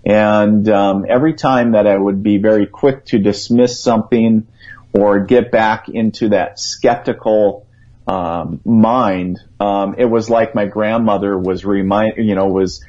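Speaking a little slowly in a mellow, lowish voice with fairly even intonation, a man tells a story as a guest psychic on a call-in radio program. He's earnest and rambling, repeating his own thoughts aloud as he goes. The sound is dull and lo-fi, like radio.

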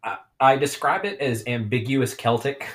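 A man's voice: medium pitch, animated, moderate pace, fairly bright tone. Playful young man chatting on a podcast. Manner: playful, jokey, often jumps into silly voices. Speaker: podcast co-host. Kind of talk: casual podcast chat.

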